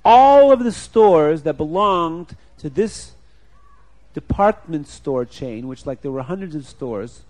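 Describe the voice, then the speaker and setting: A man telling a moral story to children, animated, acting out scenes and putting questions to his listeners. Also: on the high side, slow pace, dull audio.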